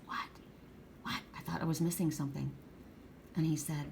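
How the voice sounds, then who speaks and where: A woman's voice: low voice, steady tone, moderate pace, gravelly, pauses often, noisy background. A middle-aged woman giving a casual spiritual card reading, telling rambling stories with many restarts. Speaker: oracle card reader.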